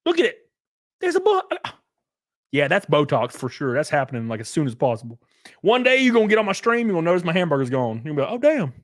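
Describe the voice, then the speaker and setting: Streamer, man, 30s: high, swooping voice, dry close sound, profane sarcastic rants. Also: wildly swooping pitch, fast talker, no room sound. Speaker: live streamer. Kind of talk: casual rant to stream chat.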